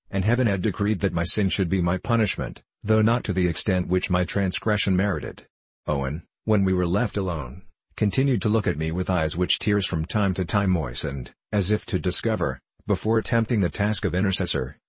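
A man reads a classic novel aloud in a measured, formal way. His voice sits very low and carries a husky grain. The sound is close and dry, with no room around it. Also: no echo. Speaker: audiobook narrator.

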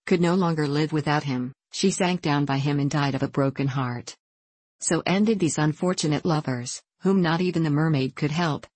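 A narrator reading fairy tales aloud, measured and expressive. The voice sits at a middling pitch. The recording is dry and close, with no room sound. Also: no echo. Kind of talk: storybook reading.

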